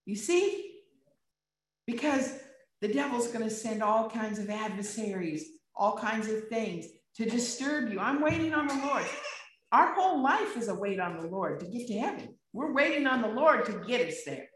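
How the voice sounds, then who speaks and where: A woman's voice: mid-range voice, animated, normal speed. A woman preaching a sermon, retelling a scripture story in plain words and asking the listeners rhetorical questions. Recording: very echoey room, distant mic.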